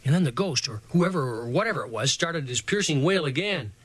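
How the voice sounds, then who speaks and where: A man narrating a first-person spooky story aloud, slowing down for suspense. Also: fairly high pitch, expressive, fairly bright tone, breathy edge, dry recording, poor audio. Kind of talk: storybook reading.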